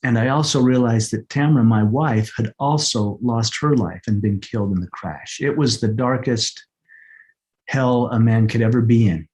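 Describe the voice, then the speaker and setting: A middle-aged man telling a personal story as an interview guest, earnest and halting, often repeating words as he searches for them. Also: medium pitch, a little mellow. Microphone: podcast microphone.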